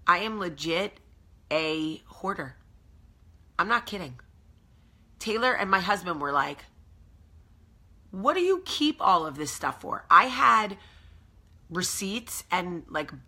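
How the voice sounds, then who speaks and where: A woman's voice: medium pitch, bright, forceful tone. A woman with a New Jersey accent hosting a casual morning vlog at home, chatty and emphatic. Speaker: host.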